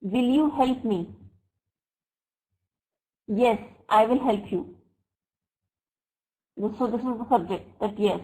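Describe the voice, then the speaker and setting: Woman, online grammar teacher, slightly high voice, slow examples, keeps asking "right?". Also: mellow, poor audio. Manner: checks understanding with frequent "right?" and "fine?"; slow, deliberate example sentences. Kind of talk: online English grammar lesson. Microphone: computer mic for a web class.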